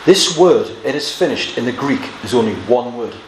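A man preaching an expository Bible sermon, earnest, moving between quiet reading of scripture and emphatic exclamations. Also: medium pitch, expressive, normal speed. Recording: echoey room with faint ambient noise.

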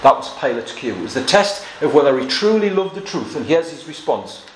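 A man's voice: a little high, sing-song, a little fast. Man preaching verse by verse in an echoey room. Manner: reads scripture aloud and comments verse by verse. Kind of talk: expository sermon with scripture reading. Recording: echoey room with faint noise.

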